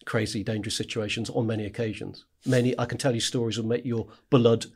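A man's voice: mid-range voice, fairly even intonation, fast, darkish tone, husky. A man, a war correspondent, telling stories in a casual podcast chat, with frequent "right?" asides and laughing as he talks.

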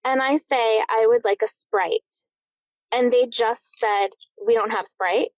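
A woman's voice: on the high side, measured pace, no echo, highs cut off. A woman co-hosting a podcast in casual chat, making dry joking asides. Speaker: podcast co-host.

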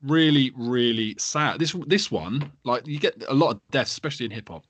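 Sweary laddish bloke hosting. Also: male voice, medium pitch, expressive, normal speed, a bit bright, no echo. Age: 30s. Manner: laddish, sweary, laughing storyteller. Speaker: podcast host. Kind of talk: casual podcast banter.

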